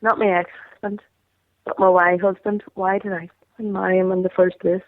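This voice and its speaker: A woman's voice: medium pitch, flat delivery, moderate pace, no echo. Joking Irish woman on a tinny phone line. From Ireland. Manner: chatty and joking, fond of wordplay. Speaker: phone-in guest. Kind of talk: casual chat.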